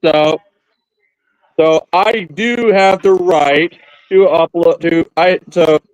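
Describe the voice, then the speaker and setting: A man's voice: on the high side, slow, clean tone, no echo, rough recording. A man co-hosting a casual stream, rambling and restarting his sentences, often turning to address the viewers. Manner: rambling, repeats and restarts phrases. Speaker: streamer co-host. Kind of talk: casual chat.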